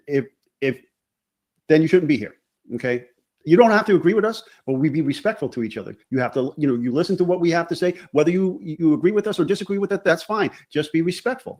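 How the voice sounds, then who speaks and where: A man's voice: fairly high pitch, darkish tone. A man co-hosting a true crime show, firm and repetitive, peppering his talk with "okay". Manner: firm, repeats himself, says "okay" a lot. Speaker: co-host of a true crime channel.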